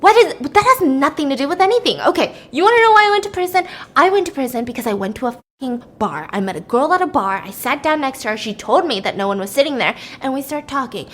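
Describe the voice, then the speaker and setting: A woman's voice: sits high, lively intonation, fast talker, few pauses, a bit bright. A woman voicing an injured, angry male groundskeeper who defends himself heatedly. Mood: defensive.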